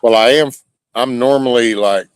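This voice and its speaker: With a mid-range, clean-toned voice, a man hosting a livestream chats loosely with viewers, cursing regularly and stopping to restart his lines. It's a dry but low-quality recording.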